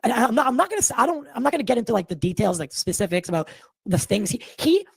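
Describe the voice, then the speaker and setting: A man from Massachusetts hosting a podcast, telling a story in a rambling, animated way and swearing freely, audibly shaken. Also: very high-pitched, fast, creaky, husky, no echo. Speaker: podcast host.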